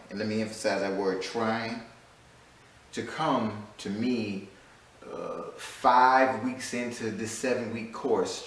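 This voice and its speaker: A lower-voiced man speaks as a teacher introducing his online course, leaning hard on key points and repeating them. He sounds a little set back from the mic, and the room around him rings with heavy echo. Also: a little hiss or hum. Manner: emphatic, repeats key phrases. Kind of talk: recorded class introduction. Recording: echoey room, mic at a distance.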